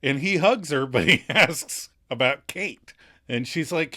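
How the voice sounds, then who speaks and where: A man co-hosting a podcast, recapping an episode in casual chat, laughing often and getting animated when he quotes lines. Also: fairly high pitch, a little slow. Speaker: podcast co-host.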